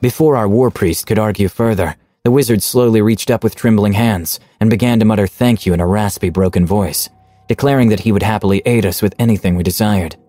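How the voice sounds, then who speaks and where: A man narrating his tabletop campaign in the first person with measured, dramatic storytelling. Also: lowish voice, warm tone, no echo.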